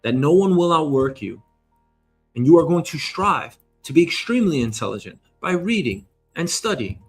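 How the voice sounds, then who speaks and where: Emphatic man with a fairly high voice. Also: sing-song, moderate pace, husky, soft background music. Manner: emphatic, swears casually. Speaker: show host. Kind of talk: energetic motivational monologue.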